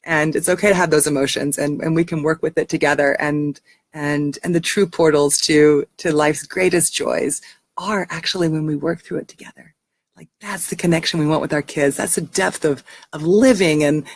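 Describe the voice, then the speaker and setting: A woman talking casually and earnestly to camera about raising children, warm and heartfelt, often restarting her sentences. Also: low-pitched, no room sound. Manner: frequent restarts. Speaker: parenting teacher.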